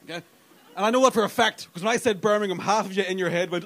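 A man in his thirties with a Northern Irish accent doing a stand-up comedy set, talking animatedly, swearing freely and bursting into loud mimicked voices. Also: sits high, very fast. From Northern Ireland. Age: 30s. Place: comedy club stage.

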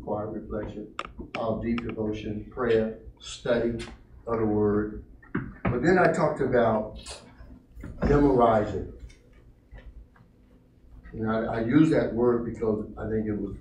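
A man, a pastor, teaching his congregation how to study scripture, animated and encouraging as he calls on people. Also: on the low side. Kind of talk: interactive Bible teaching. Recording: roomy church room, mic at a distance, faint noise.

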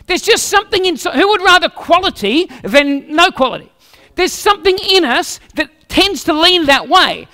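This pastor's sermon comes in a strikingly high, bright voice as he tells stories with animated humor. A long hall reverb surrounds his words.

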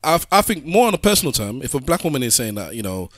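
A man's voice: medium pitch, big pitch swings, fast talker, dry recording, clean studio sound. A man co-hosting a casual debate podcast, arguing his point with lots of restarts. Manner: argumentative, many restarts. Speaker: podcast co-host.

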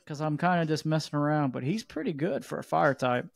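A man, hosting a casual podcast chat and telling rambling, animated stories. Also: on the high side, brisk, vocal fry, dry recording. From Georgia, USA. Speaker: podcast host.

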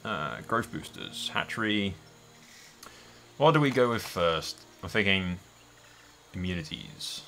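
Bright-voiced swearing gameplay host. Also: male voice, low voice, animated, takes it slowly, pauses often, slight background noise. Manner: thinking aloud, swearing often. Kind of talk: casual let's-play commentary.

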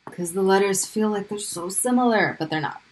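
A woman's voice: mid-range voice, fairly quick, rough recording. A woman teaching Arabic pronunciation in a recorded video lesson, patiently repeating each sound for drilling.

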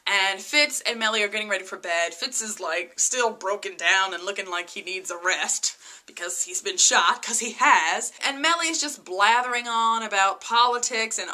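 A woman vlogger recapping a TV episode in a casual, excitable way, full of "like" and "you know". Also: mid-range voice, moderate pace, hardly any pauses. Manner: chatty, lots of "like" and "you know" fillers; excitable, gushing.

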